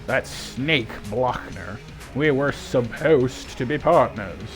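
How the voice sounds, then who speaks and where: A man's voice: mid-range voice, animated, slow pace. A man voicing a resentful, disgraced old male knight in a video game, with a lofty, theatrical delivery. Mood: bitter. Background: game music.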